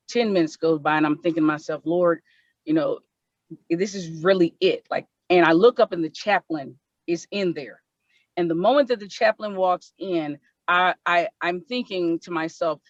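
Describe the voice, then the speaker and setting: A woman's voice: fairly low pitch, no echo. Woman on a video call telling her own story, earnest, circles back on words, muffled lo-fi sound, dry. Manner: earnest, repeats herself when moved. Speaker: panel presenter. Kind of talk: emotional personal storytelling. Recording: dull lo-fi online call audio.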